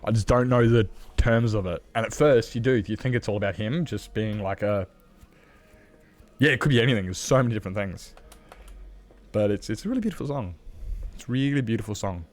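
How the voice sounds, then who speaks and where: A man's voice: on the low side, lively intonation, brisk, long pauses, a little mellow. Rambling, chatty male game streamer. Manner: rambling, chatty and candid, swears freely, many fillers. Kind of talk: casual live-stream chat while gaming.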